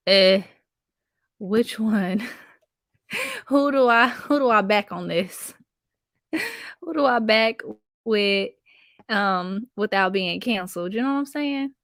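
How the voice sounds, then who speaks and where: A woman hosts a casual live stream and chats easily with her viewers, greeting them by name. Her voice is mid-pitched, and the sound is dry and close, with no room echo. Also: gravelly, fairly bright tone. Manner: chatty, addresses viewers in chat by name. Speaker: commentary channel host.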